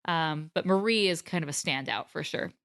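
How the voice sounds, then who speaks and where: An American woman co-hosting a casual podcast chat, animated and quick to laugh. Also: sits low, clean tone, no room sound. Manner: animated and laughing, quotes characters. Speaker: podcast co-host.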